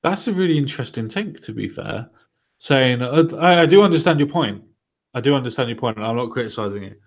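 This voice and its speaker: A man's voice: medium pitch, expressive, brisk, creaky. A man hosting a casual political podcast, talking loosely and mocking what others said. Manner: conversational, mocking quotes. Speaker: podcast host.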